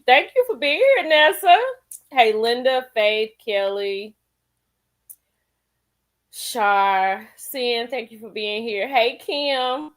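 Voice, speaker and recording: A woman's voice: mid-range voice, animated, slow. A woman hosting a casual live stream, chatting with viewers, greeting them by name and laughing often. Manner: folksy, calls people girl and honey.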